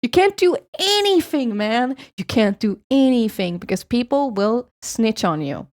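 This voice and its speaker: A woman's voice: fairly high pitch, sing-song, unhurried, a little mellow. A woman from Sweden with a Swedish accent, streaming and chatting casually with viewers in a rambling, swearing style.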